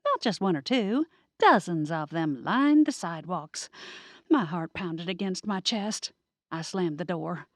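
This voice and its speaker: A woman giving expressive first-person audiobook narration. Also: lowish voice, measured pace, no echo, studio quality.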